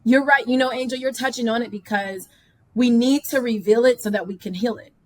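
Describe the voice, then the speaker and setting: A woman hosting a podcast interview, talking in a thoughtful, measured way. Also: fairly high pitch, no echo. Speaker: podcast host. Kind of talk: casual interview talk.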